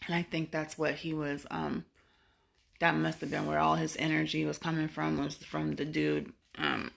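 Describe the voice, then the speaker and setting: Low, gravelly-voiced woman vlogger. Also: level tone, normal speed. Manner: rambling, with many fillers and restarts; frank, swears casually. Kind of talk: casual storytelling to camera.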